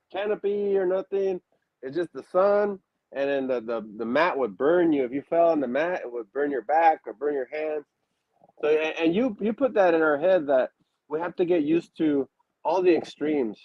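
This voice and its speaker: A man's voice: a little high, no room sound, highs cut off. A man in a casual interview, telling stories with many restarts and fillers and acting out quotes. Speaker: wrestler guest.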